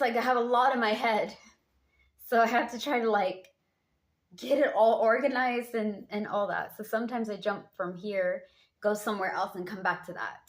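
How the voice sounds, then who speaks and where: A woman talking casually to her viewers as a tarot reader, rambling and chatty with lots of fillers. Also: medium pitch. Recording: roomy echo.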